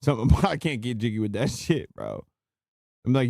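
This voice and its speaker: A man hosting a live stream, delivering a mocking, slang-filled rant and pausing to greet viewers. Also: mid-range voice, vocal fry, no room sound, studio quality. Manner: animated, slangy, mocking rants; laughs and interrupts himself to greet viewers. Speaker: livestream host. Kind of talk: live stream reaction commentary.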